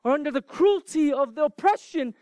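A man's voice: very high-pitched, expressive, brisk, a little mellow, no room sound, studio quality, pitched above the performer's own voice. A man voicing a reluctant, frightened shepherd who whines and pleads to be let off. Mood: pleading. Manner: whiny, pleading, protesting.

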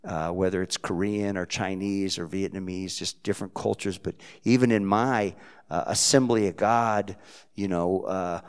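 A man from Texas, a pastor preaching a sermon, telling a story in a heartfelt way that swings from quiet to loud. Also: low voice, fairly even intonation, normal speed, clean tone.

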